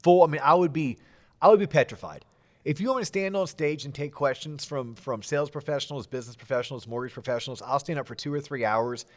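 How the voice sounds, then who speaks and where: A middle-aged podcast host with a slightly high voice talks fast in a casual interview chat. He's animated and cracks self-deprecating jokes.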